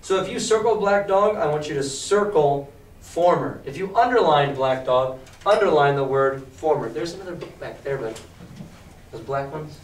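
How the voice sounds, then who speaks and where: Teacher with an echoey, distant voice. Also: male voice, a little high, expressive, normal speed, slight background noise. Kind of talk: reading aloud and explaining to a class. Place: classroom. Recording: echoey classroom from far off.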